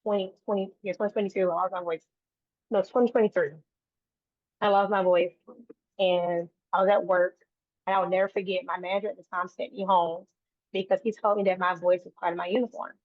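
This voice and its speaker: A woman's voice: fairly low pitch, flat delivery, a little fast, no echo. A woman guest on an interview, talking earnestly in long run-on sentences that often restart. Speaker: guest, autism advocate. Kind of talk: conversational interview. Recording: dry, tinny phone-like line.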